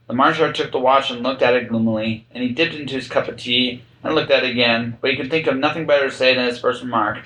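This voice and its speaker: A man narrating a children's classic aloud as a podcast reading, with expressive storytelling. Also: mid-range voice, quick pace, few pauses, roomy sound, poor audio. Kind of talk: audiobook narration.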